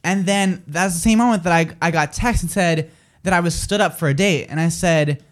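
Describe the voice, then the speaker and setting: A man hosting a radio show, running a joke contest, teasing the others and keeping score. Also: a little high. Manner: brisk, teasing, keeps score. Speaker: radio host running the game. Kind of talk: casual banter on a radio show.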